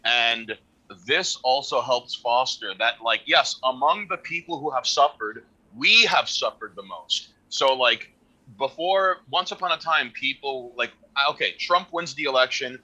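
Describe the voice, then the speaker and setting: A man's voice: medium pitch, lively intonation, unhurried, sharp tone, lo-fi sound. A man hosting a casual stream discussion, rambling and restarting his points. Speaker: stream host.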